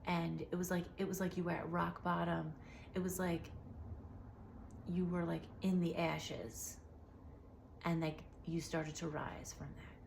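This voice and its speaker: A young woman giving an emotional, soothing intuitive reading straight to the listener, often dropping into soft whispers. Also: sits low, vocal fry, slight background noise. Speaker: tarot reader.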